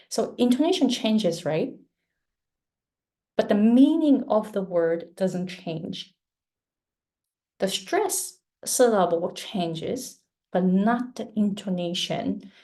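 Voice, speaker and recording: Slow, mellow-voiced Japanese-native woman. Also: mid-range voice. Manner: patient, explanatory, gives examples. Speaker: guest speaker. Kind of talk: online webinar Q&A answer.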